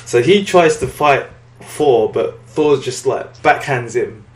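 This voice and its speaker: A man's voice: mid-range voice, expressive, slow pace, reverberant. A man casually recapping a comic book story on a podcast, rambling and acting out the characters' lines. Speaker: podcast co-host.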